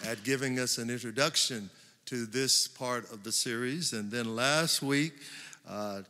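A man pastor preaching a sermon, building to emphatic slow stresses. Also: medium pitch, noisy background. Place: large church hall. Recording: long church hall reverb.

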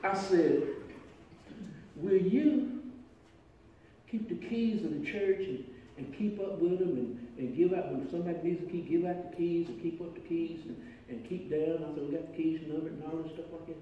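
A man, preaching a sermon as pastor, telling a story and moving between quiet talk and shouting. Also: fairly high pitch, normal speed, muffled recording. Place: church sanctuary. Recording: echoey church room from far off, faint noise.

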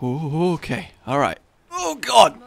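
A man hosting a gaming video with friends, excitable, laughing often and swearing in surprise. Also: fairly high pitch, slow, vocal fry. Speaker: host of a gaming channel. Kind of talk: energetic gaming commentary with friends.

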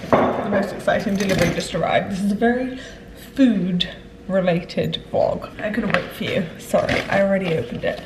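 A woman's voice: medium pitch, normal speed. A young woman, chatting enthusiastically in a casual vlog. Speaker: vlogger. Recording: echoey room with clear background noise.

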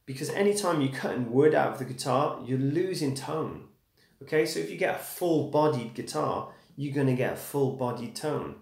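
A man's voice: medium pitch, animated, moderate pace, vocal fry, a little mellow. A man with an English accent teaching guitar on a live stream, talking casually and checking in with viewers. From England. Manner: casual and encouraging, checks in with "okay?", calls viewers "dude" and "man". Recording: echoey room with guitar playing.

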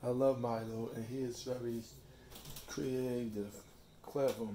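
Gravelly-voiced man, flat halting delivery. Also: medium pitch, a little hiss or hum. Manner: slow, halting reading with restarts; fond, soft talk to his cat. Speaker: vlogger reading a devotional. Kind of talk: casual home vlog with devotional reading. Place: at home.

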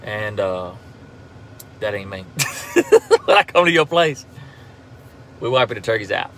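A man's voice: fairly low pitch, lively intonation, measured pace, fairly bright tone, a little hiss or hum. Laid-back Southern man on a lunch break. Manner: laid-back drawl with frequent laughs and fillers. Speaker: turkey hunter and call maker, social media host. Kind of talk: casual live-stream chat.

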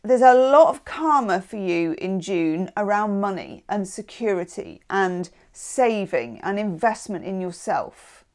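A woman talks through a tarot reading in a relaxed, chatty way. She is encouraging and keeps checking in with her listeners. Her voice sits at an ordinary middle pitch. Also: a little slow, hardly any pauses, smooth. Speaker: tarot reader. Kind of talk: casual tarot reading to camera.

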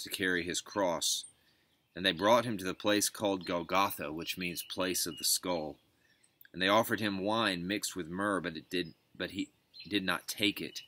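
Deep-voiced pastor reading on a porch. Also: male voice, a little hiss or hum. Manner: steady reading, lifting voice for quoted speech. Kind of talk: devotional scripture reading. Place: back porch outdoors at home. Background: birds singing.

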